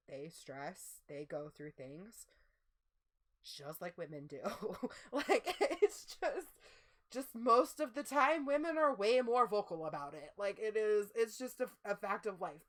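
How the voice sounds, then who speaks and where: A woman's voice: mid-range voice, animated, a little slow, a bit bright. A woman co-hosting a livestream, talking in a casual, rambling way with many "like"s. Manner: rambling, heavy use of "like". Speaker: co-host.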